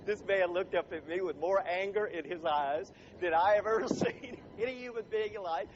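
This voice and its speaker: A motivational speaker tells stories to a live audience, laughing a lot and firing questions at the crowd in an animated way. His voice is high-pitched and delivered at normal speed. The lo-fi recording carries a slight hiss or hum.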